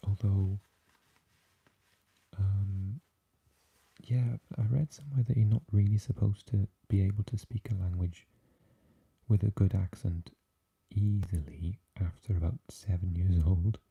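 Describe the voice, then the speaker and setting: A Welsh man hosting a whispered ASMR live chat, talking softly and haltingly with lots of fillers as he answers viewers. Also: deep voice, fairly even intonation, creaky, slightly rough, narrow, tinny audio. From Wales. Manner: soft and halting, with many fillers, chatting with viewers. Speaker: ASMR livestream host.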